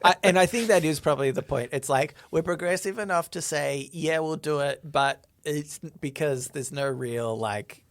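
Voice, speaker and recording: Laid-back Australian man, higher voice. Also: normal speed, hardly any pauses, no echo. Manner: laid-back, hesitant, many fillers. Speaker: podcast co-host. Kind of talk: casual podcast chat.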